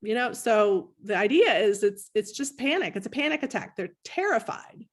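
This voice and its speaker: A middle-aged woman coaches parents live at a moderate pace, working through viewers' comments. She stays animated, and her voice leaps high when she shows how to give praise.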